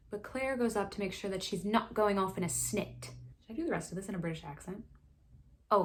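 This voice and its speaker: A woman hosting a casual book recap, chatty and sassy, full of quick asides. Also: fairly low pitch, a little hiss or hum. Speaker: book review host.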